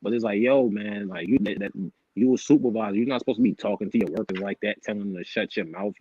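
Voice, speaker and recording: A man's voice: on the low side, fast. Profane, storytelling young New man. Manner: profane, animated storytelling with quoted outbursts. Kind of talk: casual chat. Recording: dull, lo-fi sound.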